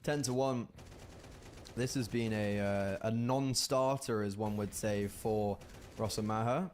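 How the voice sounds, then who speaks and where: A man's voice: fairly low pitch, measured pace, a little hiss or hum. Male esports caster calling a live match. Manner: animated, rising in bursts at big plays. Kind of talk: live play-by-play game commentary.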